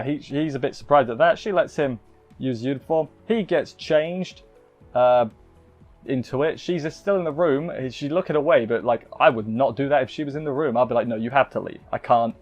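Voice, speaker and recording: A man's voice: medium pitch, a little mellow, lo-fi sound. A man casually recapping an anime episode as a reviewer, rambling with lots of fillers and self-corrections.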